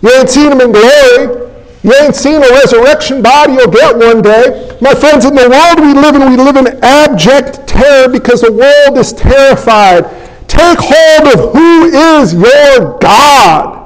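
A man's voice: very high-pitched, unhurried, rough recording. A man preaching a sermon as pastor, emphatic and folksy, asking the congregation rhetorical questions.

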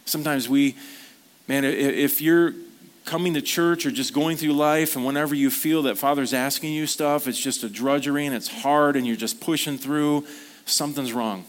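A man's voice: on the high side, steady tone, moderate pace. A man preaching a sermon at a church service, speaking earnestly in a conversational storytelling manner. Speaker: pastor.

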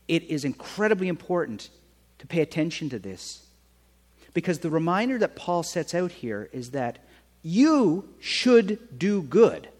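A man preaching a sermon in a conversational way, often checking in with his listeners with a quick "right?". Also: fairly high pitch, big-room sound. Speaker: pastor.

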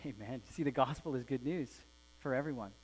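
A man in the pulpit preaching to his church, earnest and steady at a middle pitch. His phrases drop softer as they close. A low mains hum sits under the voice. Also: brisk, low-quality recording. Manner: earnest, falls soft at phrase ends. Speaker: pastor. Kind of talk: sermon with a read-aloud story.

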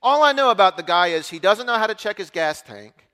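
A middle-aged man preaching, telling a story in an animated way and acting out the other voices. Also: sits high, brisk. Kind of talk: storytelling sermon. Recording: long hall reverb.

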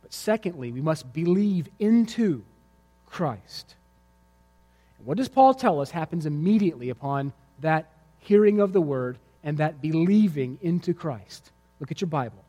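A man with a notably high voice preaches a sermon in a church sanctuary. His words ring out with a long, lingering hall reverb. He tells vivid stories and drives his points home with emphatic repetition. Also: lively intonation, normal speed, mellow. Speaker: pastor. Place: church sanctuary before a congregation.

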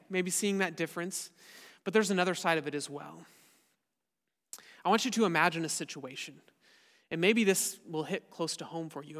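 A pastor preaching a sermon to his church, earnest and often dropping softly at the end of a point. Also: on the high side, in a large hall. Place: church sanctuary.

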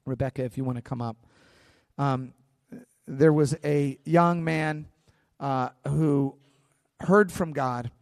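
A man preaching a sermon as pastor, animated, acting out quoted voices along the way. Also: mid-range voice, takes it slowly, gravelly, long pauses, no echo, clean studio sound, long reverb tail.

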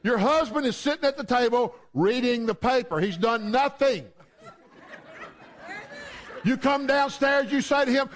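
High-voiced storytelling preacher man. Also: unhurried, pauses often, some chatter behind. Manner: conversational, storytelling with humor. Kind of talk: sermon.

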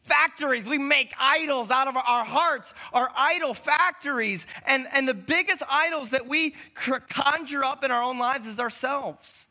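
High, bright-voiced male preacher. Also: normal speed, few pauses. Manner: conversational, with many restarts and sudden drops to near-quiet. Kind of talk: sermon.

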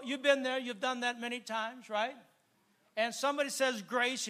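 A man preaching a sermon, talking easily with the congregation and building to loud, fervent preaching with repeated phrases. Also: very high voice. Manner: repetitive listing cadence.

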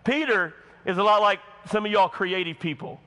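A Southern man preaches a folksy sermon in a high, bright voice, turning from hushed asides to shouts. His words carry a long reverb through the church hall. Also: normal speed. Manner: folksy, addresses congregation directly, swings from hushed to shouting. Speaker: pastor.

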